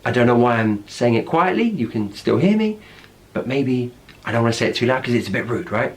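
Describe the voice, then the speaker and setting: A man's voice: medium pitch, animated, brisk. A man with a British accent, explaining slang words in a chatty, teacherly way and acting out example phrases. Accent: British English. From Britain.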